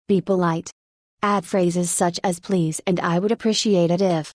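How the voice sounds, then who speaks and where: A woman narrating a nonfiction audiobook in a steady, even read-aloud manner. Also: lowish voice, measured pace, no room sound, clean studio sound.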